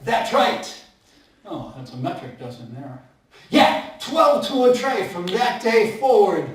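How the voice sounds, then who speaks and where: A man's voice: high-pitched, big pitch swings, slow pace. A man telling a story at a live festival, rattling off tongue twisters with playful asides to the audience. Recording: echoey hall from far off.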